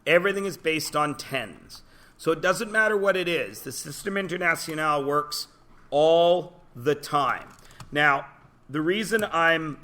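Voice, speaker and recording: A man's voice: on the high side, a bit bright. A man teaching a class, chatty and joking as he lectures and quizzes his students in a classroom.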